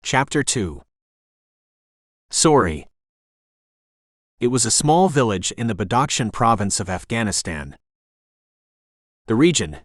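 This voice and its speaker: A man narrating a thriller audiobook in a measured, descriptive reading. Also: mid-range voice, a bit bright, dry recording, clean studio sound.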